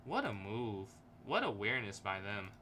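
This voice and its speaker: A man's voice: on the low side, very animated, moderate pace, bright, forceful tone, slight background noise. A man streaming a chess game, thinking aloud in casual, hesitant commentary and chuckling often.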